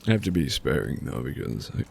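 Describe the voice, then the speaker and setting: A sarcastic man rambles through a live game stream, his low voice rough with fry and swinging widely in pitch. Game music plays clearly underneath. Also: sing-song, a little fast, noisy background. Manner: sarcastic, rambling with many restarts. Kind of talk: casual gaming stream chat.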